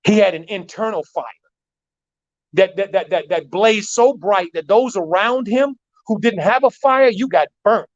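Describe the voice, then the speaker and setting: A man, a basketball coach, telling a long story in an animated way, repeating words and using many fillers. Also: high-pitched, unhurried. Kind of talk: storytelling in a talk show. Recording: dull lo-fi sound.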